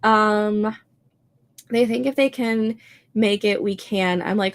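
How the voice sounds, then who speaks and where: Chatty Minnesotan woman with a gravelly edge. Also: mid-range voice, steady tone, slow pace, pauses often. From American Midwest. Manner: chatty, many "like" and "um" fillers, laughs often. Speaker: livestream host reading chat. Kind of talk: casual chat.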